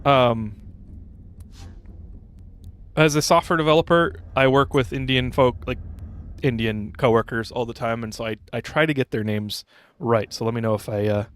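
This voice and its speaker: A man's voice: medium pitch, moderate pace, pauses often, smooth. A young adult man streaming a game, chatting casually with viewers and rambling with fillers and restarts. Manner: rambling, chatty, reads chat aloud, frequent fillers. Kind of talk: casual gameplay commentary.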